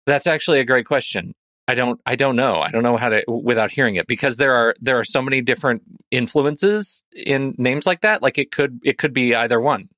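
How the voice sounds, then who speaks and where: A man's voice: mid-range voice, a little fast, bright, forceful tone, dry recording. A man co-hosting a film podcast in casual banter, musing and hedging, now and then playfully exasperated with his partner. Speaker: podcast co-host.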